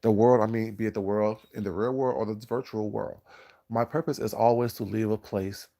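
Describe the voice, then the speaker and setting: A man talks to his live-stream chat in a slightly low voice. He sounds groggy, like it is early morning for him. He lectures in a drawn-out, preachy way and stops to greet viewers in the chat. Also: steady tone, vocal fry, dark tone. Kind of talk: casual live-stream commentary.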